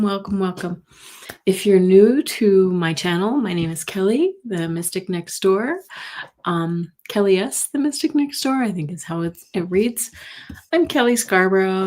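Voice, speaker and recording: A woman's voice: medium pitch, measured pace, darkish tone. A woman hosting a psychic livestream from home, chatting casually and greeting viewers by name. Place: home in Colorado.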